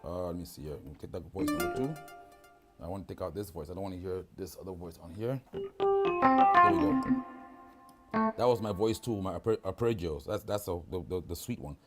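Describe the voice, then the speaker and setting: A man's voice: low-pitched, sing-song, fairly quick, long pauses, loud music behind the voice. Guy demoing gear live on a video call, chatty and loose, keeps saying right?. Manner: casual, keeps asking "right?". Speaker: product demonstrator.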